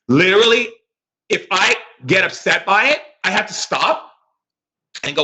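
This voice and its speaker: A man's voice: high voice, animated, moderate pace, sharp tone. A man giving a motivational spiritual talk as a shamanic teacher, emphatic and repetitive like a preacher, openly emotional. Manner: emotional, effusive.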